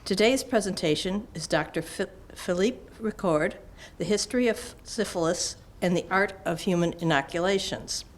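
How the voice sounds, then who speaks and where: Female host, lowish voice, formal read-out intro. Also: moderate pace. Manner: formal, reading announcements. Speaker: event host. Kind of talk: scripted introduction.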